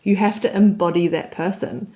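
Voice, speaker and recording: A woman's voice: mid-range voice, moderate pace. A woman, telling a personal story as an open, reflective vlog monologue. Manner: open, confessional storytelling with soft laughs. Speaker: vlogger.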